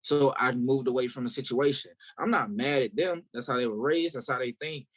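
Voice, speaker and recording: A man from South Carolina appears as a guest musician in a casual interview, sharing stories candidly and with lots of animation. His voice is medium-pitched and he talks a little fast.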